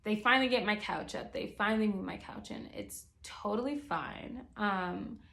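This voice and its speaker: A woman's voice: mid-range voice, moderate pace, gravelly, sharp tone. A young woman vlogger in casual storytime mode. She is chatty and exasperated, peppers her talk with fillers, and speaks in a mid-range voice.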